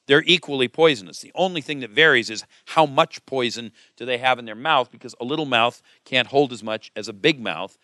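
A middle-aged man delivers a sermon with emphatic, questioning force. His voice sits a bit high for a man and rings bright and crisp. The sound is dry and close. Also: no room sound. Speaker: preacher.

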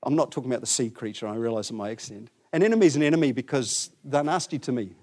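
A man preaching a sermon, telling the story with lively voices for the people in it. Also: mid-range voice, rapid-fire. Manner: animated storytelling, acts out voices.

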